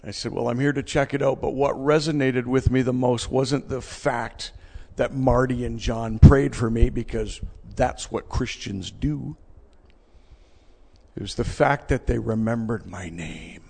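A middle-aged man giving an emotional personal testimony to a live audience, telling his story earnestly and swinging between hushed and loud. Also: medium pitch, unhurried, creaky, slightly rough. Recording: long reverb of a large hall.

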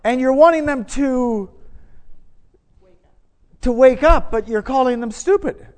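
A middle-aged man preaching a sermon, conversational and self-deprecating, building to loud emphatic moments. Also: very high voice, a little slow. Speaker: pastor. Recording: long hall reverb.

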